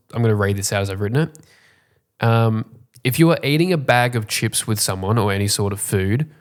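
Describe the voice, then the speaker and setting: Dry, teasing young man. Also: on the low side. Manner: dry, teasing, lively quoted voices. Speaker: podcast co-host. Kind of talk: casual chat.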